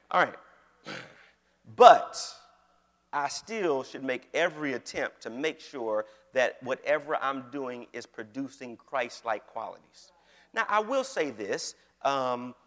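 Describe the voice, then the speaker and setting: A male pastor preaching in a lively conversational style, often asking the congregation whether they follow him. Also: medium pitch, in a large hall. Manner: animated, keeps checking in with the congregation. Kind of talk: conversational sermon.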